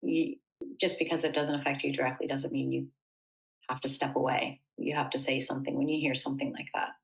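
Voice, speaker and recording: A woman's voice: a bass voice, flat delivery, brisk, vocal fry, rough recording. A woman from the United States speaking as an interview guest, talking earnestly and thoughtfully with frequent fillers. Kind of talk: casual interview conversation.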